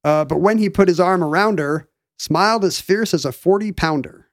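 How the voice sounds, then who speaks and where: A slightly high-voiced man talks through a history topic in a loose, chatty way. He packs his talk with "you know" and "like" and restarts sentences as he goes. The sound is dry and close, with no room behind him. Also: normal speed, dry recording. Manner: explains history in a chatty, animated way with many fillers. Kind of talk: casual chat.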